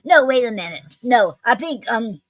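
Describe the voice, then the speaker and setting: A woman's voice: fairly high pitch, expressive, moderate pace, no room sound, low-quality recording. A woman hosting a poetry show, reading poems aloud and chatting between them with many hesitant fillers and restarts.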